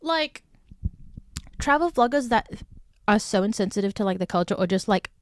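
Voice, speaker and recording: A woman hosts a casual solo podcast in a mid-range voice. She tells stories full of "like" fillers and breaks into animated, indignant outbursts. The recording is close and dry. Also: mid-range voice, normal speed, no room sound. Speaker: podcast host.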